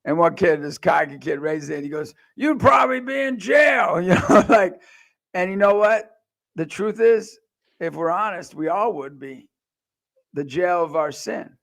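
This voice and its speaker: An American man in his forties giving an impassioned faith testimony, swinging from quiet asides to loud acted-out quotes. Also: fairly high pitch, measured pace, creaky. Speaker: speaker. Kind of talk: personal testimony talk.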